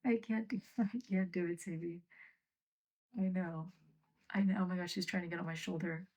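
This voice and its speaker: Her voice is on the low side, brisk and steady in tone. She's livestreaming casually from a home workspace, rambling along and softly muttering scoldings at her pets.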